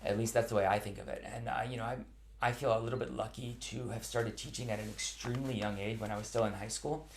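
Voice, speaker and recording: Gravelly low-voiced man teaching online. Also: fairly even intonation, fast, slight background noise. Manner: earnest, thoughtful, many ums and restarts. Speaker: cello teacher answering viewer questions. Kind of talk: live online Q&A chat. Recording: roomy echo.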